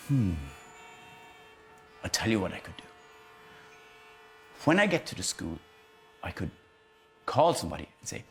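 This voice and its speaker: A man's voice: on the low side, big pitch swings, moderate pace, long pauses. A man, a teacher giving a playful children's lesson about feelings and acting out each emotion.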